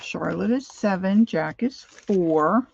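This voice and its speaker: A woman's voice: on the low side, lively intonation, slow, creaky, muffled recording, background noise. An older woman hosting a crafting livestream, chatting casually and greeting viewers by name as she works.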